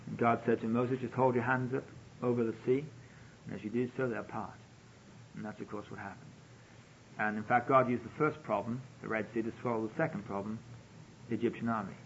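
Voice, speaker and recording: A man's voice: medium pitch, fairly even intonation, fairly quick, vocal fry, a little hiss or hum. A man preaching a sermon, telling a story and acting out the quoted pleas, on a dull lo-fi radio broadcast.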